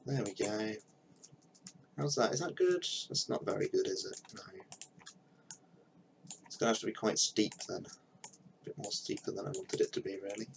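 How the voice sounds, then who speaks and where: Young man, low voice, casual stream chatter, thinks aloud, mumbled asides, faint keyboard clicks behind. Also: expressive, normal speed, creaky, pauses often, a little hiss or hum, rough recording. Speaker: live streamer building a game map. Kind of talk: casual live-stream commentary.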